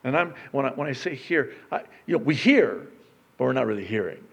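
A man preaching a sermon as pastor, swinging from loud declaiming to a hushed, near-whispered delivery. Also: mid-range voice, lively intonation, vocal fry, breathy edge. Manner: slow, emphatic delivery.

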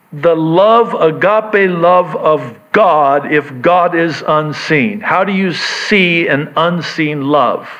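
A man preaching a sermon, unhurried, repeating key words and swinging between quiet asides and raised emphasis. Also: a little high. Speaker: pastor. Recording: dull lo-fi recording.

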